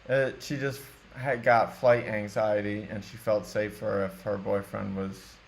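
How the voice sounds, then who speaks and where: A man's voice: lowish voice, flat delivery, a little slow, vocal fry, a little hiss or hum. A man hosting a podcast, laid-back and profane, often saying dude and man. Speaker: podcast host. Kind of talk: casual podcast chat.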